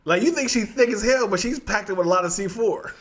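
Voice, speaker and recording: A man co-hosting a casual podcast, rambling excitedly and laughing through his stories. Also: sits high, fast talker. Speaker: podcast co-host. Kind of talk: casual chat.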